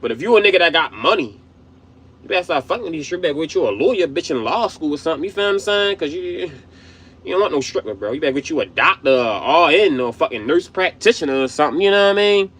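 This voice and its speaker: A man's voice: a little high, animated, fast talker, fairly bright tone, husky. A man giving a loose, slangy commentary rant full of restarts. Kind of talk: casual commentary.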